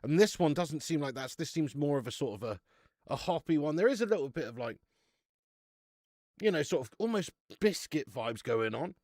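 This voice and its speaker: Chatty man with a lively voice. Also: on the high side, normal speed, no room sound, studio quality. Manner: chatty, banters with viewers, swears casually. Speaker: live-stream beer reviewer. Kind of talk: casual live-stream chat.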